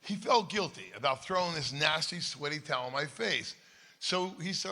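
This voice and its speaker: A man's voice: on the high side, animated, normal speed, sharp tone. A man speaking at a church conference, telling his own story in an emphatic, conversational way and often checking in with the crowd. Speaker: guest speaker. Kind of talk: personal story told from a stage. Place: large hall at a church conference. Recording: long reverb of a large hall.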